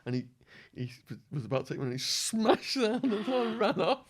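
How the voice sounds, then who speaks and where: A man guest on a podcast, telling a wild story with lively acted-out quotes, swearing and laughing along the way. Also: sits high, brisk, breathy edge. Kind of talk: animated storytelling.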